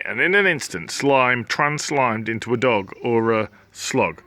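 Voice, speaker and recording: Teacher, man, children's story read-aloud; bright, animated, playful with sound effects. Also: mid-range voice, unhurried, dry recording. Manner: playful, acts out sound effects, jokes with listeners.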